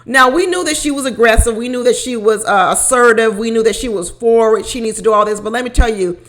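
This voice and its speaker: Female host, casual recap commentary; animated, frequent laughter, slightly high voice. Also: quick pace. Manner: animated, laughs often, repeats phrases. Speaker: reality show recap host.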